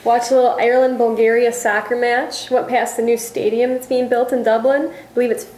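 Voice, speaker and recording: A woman's voice: on the high side, little pitch movement, a little fast, a little mellow. A young woman co-hosting a casual sports chat, chattily telling travel stories. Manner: chatty, storytelling. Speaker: co-host. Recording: roomy echo.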